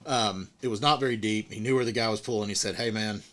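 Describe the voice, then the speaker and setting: A middle-aged podcast host tells a story in casual chat, acting out the voices of the people in it as an animated storyteller. He speaks quickly with a fairly low-pitched voice.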